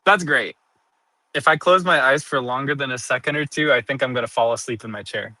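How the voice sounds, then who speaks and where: A man's voice: mid-range voice, fairly quick, pushed and bright, dry recording, rough recording. A sleepy man streaming casual chat to his viewers, giggling often between sentences and turning playfully dramatic.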